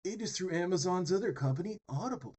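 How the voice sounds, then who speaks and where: A man voicing a hyped young male pitchman from an online ad, salesy and emphatic. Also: lively intonation, fast talker, darkish tone, breathy edge.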